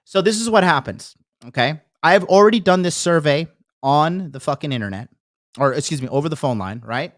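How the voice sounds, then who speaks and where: A man's voice: a little high, animated, a little fast, no room sound, studio quality. A man hosting a podcast, telling a heated story in a casual, profane rant and acting out the people he quotes. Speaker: podcast host. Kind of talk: casual ranting monologue.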